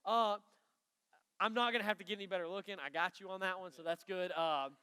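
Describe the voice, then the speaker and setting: A man preaching a lively youth sermon from a stage, emphatic and joking with the students. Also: sits high, a little fast, smooth. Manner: energetic, emphatic, bantering with the audience. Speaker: youth pastor. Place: stage in a large hall before a student crowd. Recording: long hall reverb.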